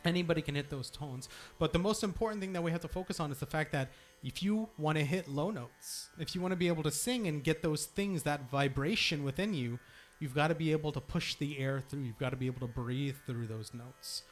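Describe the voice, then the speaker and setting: A man's voice: fairly high pitch, a little fast, soft background music. A young man at a temple, teaching a congregation how to practice long sung notes, encouraging and demonstrating as he goes. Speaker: temple singing leader. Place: temple hall.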